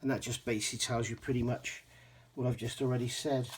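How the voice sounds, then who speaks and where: A man's voice: mid-range voice, fairly even intonation, quick pace, a little hiss or hum. A man from England casually reviewing a scale model kit, chatty with frequent ums and self-corrections.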